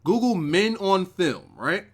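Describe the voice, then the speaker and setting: A man's voice: sits high, expressive, slow pace, breathy edge. A man hosting a live stream who reviews wrestling shows and tells a rambling, profane story, talking casually with his chat.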